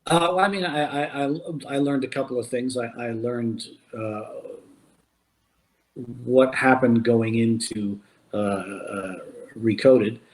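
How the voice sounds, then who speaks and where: A man's voice: mid-range voice, takes it slowly. A man, a voice actor, talking casually in an interview, often repeating words as he searches for his thoughts. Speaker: voice actor guest.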